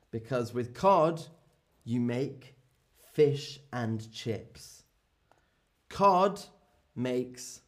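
A man teaching a classroom language lesson, drilling short phrases over and over and calling on students. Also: mid-range voice. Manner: very slow, repetitive, lively and exaggerated intonation. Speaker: English teacher.

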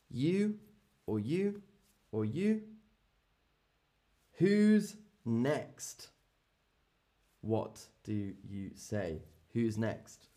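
A male teacher leads a classroom drill, speaking each word with extreme slowness so the students can follow. His pitch swoops up and down with animated emphasis, and he repeats short phrases again and again as he calls on people. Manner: very slow, repetitive, lively and exaggerated intonation. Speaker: English teacher. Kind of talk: classroom language lesson.

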